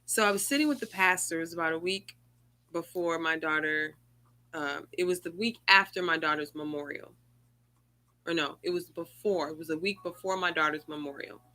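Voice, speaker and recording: Bright-voiced woman telling a personal story. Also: sits low, normal speed. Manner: earnest, conversational, rising emotion. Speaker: circle host. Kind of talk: storytelling to an online group.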